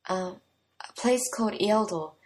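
A woman's voice: mid-range voice, a little slow, close to an everyday voice. A woman reading the part of a frightened young male warlock held captive, who talks in a sullen, tearful way. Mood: pleading.

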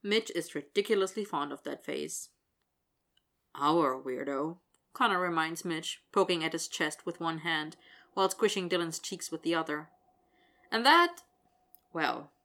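A woman reading fiction aloud in an even, expressive storytelling style. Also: fairly low pitch, normal speed. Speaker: narrator.

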